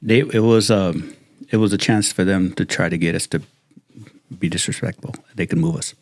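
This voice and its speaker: A man hosting a podcast with a gravelly, creaky voice that sits low for a man. He chats in a laid-back way with an old colleague and adds chuckling asides. His delivery stays casual and unhurried. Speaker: podcast host, former colleague. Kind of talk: casual chat.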